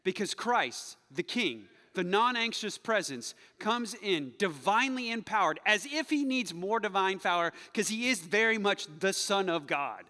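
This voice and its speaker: A man preaching a sermon as a pastor, animated and jokey, swinging between loud excited bursts and quiet, hushed passages. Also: high voice, a little slow, few pauses, big-room sound.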